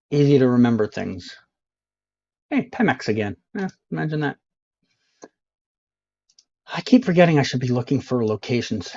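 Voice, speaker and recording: Slow-talking joking male streamer, lo-fi mic. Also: medium pitch, a little mellow. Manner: joking, self-mocking, sounds out signs slowly. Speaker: streamer playing a geography game. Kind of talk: casual live-stream commentary.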